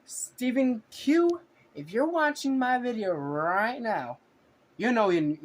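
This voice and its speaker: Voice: mid-range voice, very animated, slow. A vlogger ranting indignantly at viewers in a profane reaction commentary.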